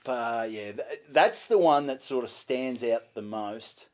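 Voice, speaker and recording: An Australian man in casual conversation, telling a gig story with lively, swearing energy. He acts out what he and others said in each exchange, in a voice of middling pitch. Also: slow pace. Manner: animated, swears freely, acts out both sides of exchanges. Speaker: stand-up comedian, guest.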